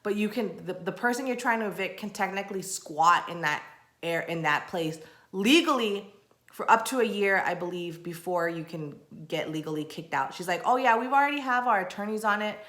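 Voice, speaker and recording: A woman from Texas recounts a story for her vlog in a casual, animated way. She slips into the voices of the people she quotes and rants in exasperation. Her voice is bright, and it rings in an echoey room. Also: medium pitch, normal speed. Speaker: vlogger.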